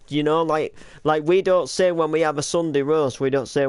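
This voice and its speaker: A man's voice: on the high side, fairly even intonation, a little fast, hardly any pauses, clean tone, dry recording, clean studio sound. A young British man hosting a casual reaction to his old videos, rambling with lots of likes and restarts.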